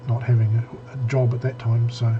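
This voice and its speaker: A man's voice: mid-range voice, flat delivery, moderate pace, muffled recording, slight background noise. A man co-hosting a casual tech podcast, rambling with many restarts and fillers. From New Zealand. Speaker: podcast co-host.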